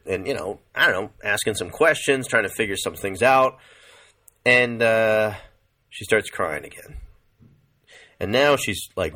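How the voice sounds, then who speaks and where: Profane, rambling man with a lively voice. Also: mid-range voice. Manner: profane, rambling, says "dude" a lot. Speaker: vlogger. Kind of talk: casual rambling commentary.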